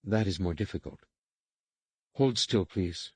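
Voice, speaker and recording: A man voicing a stern female alien overseer in an audiobook, speaking in clipped, measured commands. His tone is low and dry. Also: husky, no room sound. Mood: stern, instructing. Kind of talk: audiobook character reading.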